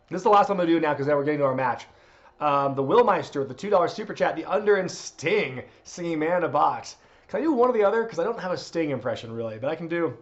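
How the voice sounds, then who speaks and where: A man's voice: fairly high pitch, animated, quick pace, muffled recording. A man hosting a live wrestling watch-along stream, chatting casually, laughing, and reading out viewer requests. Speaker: streamer host.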